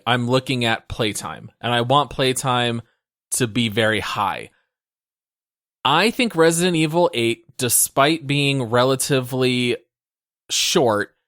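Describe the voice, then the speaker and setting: A man's voice: medium pitch, a bit bright, no room sound. Enthusiastic male co-host, dry close sound. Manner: earnest, enthusiastic, wry. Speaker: podcast co-host. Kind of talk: casual podcast chat.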